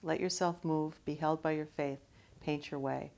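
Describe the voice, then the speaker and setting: A woman voicing a wise bird messenger in a gentle, guiding, unhurried manner. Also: low voice, fairly even intonation, gravelly.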